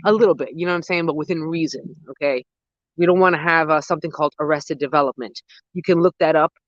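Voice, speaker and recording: A gardening host in their thirties, chatting casually with live viewers outdoors at dusk. They ramble excitedly and use a lot of slang. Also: mid-range voice, dry recording, dull audio. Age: 30s. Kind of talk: casual live-stream chat answering viewers.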